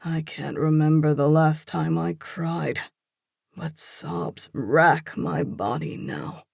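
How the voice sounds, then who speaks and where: An audiobook narrator reading a first-person romance in a slow, intense, hushed delivery. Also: medium pitch, gravelly, slightly rough, dry recording, studio quality.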